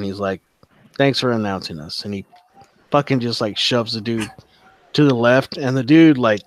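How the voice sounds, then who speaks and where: A man narrating as game master in a casual, profane style with many fillers. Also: lowish voice.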